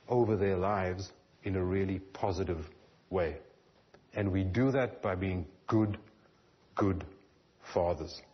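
A man with a fairly low voice preaches a sermon in an earnest tone. His phrases often trail off softly at the ends. The recording sounds dull and lo-fi. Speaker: pastor.

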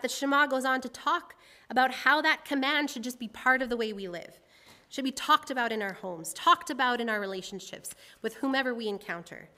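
A woman's voice: fairly high pitch, bright, forceful tone. A woman preaching a sermon, leading her congregation in a reading and then explaining it in a conversational, earnest way. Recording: long hall reverb.

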